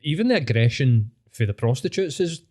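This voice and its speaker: A Scottish man hosting a podcast, telling sweary, animated stories in casual chat. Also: medium pitch, a little fast. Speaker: podcast host.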